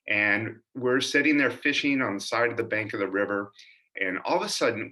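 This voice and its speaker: A man tells stories from his childhood about his father, earnest and animated as he recalls each mishap. His voice sits a little low but has a bright, forceful edge. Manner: earnest, animated storytelling with lively quoted voices. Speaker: son telling family stories. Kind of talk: personal storytelling narration.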